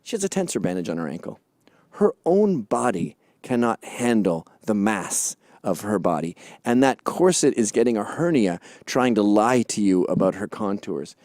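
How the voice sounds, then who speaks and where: A man's voice: fairly low pitch, animated, moderate pace, darkish tone, no echo, clean studio sound. A man hosting a comedic rant commentary in a sarcastic, mocking manner. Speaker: host.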